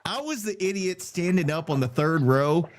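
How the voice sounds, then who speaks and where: A man's voice: fairly high pitch, expressive, moderate pace, a little hiss or hum. A man from Louisiana with a Cajun accent, hosting a sports podcast in a loose, chatty way with jokey asides. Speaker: podcast host. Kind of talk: casual sports talk.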